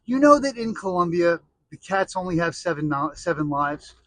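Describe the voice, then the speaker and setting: A man's voice: on the high side, sing-song, normal speed, a bit bright, dry recording, poor audio. A middle-aged American man telling rambling, jokey stories in a casual monologue, full of restarts and asides. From United States.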